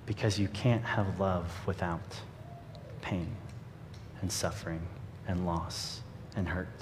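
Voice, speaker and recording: A pastor gives an earnest, reflective sermon to his congregation, reading a story aloud as part of his preaching. He takes it slowly with fairly even intonation, recorded in a reverberant hall with a faint rumble.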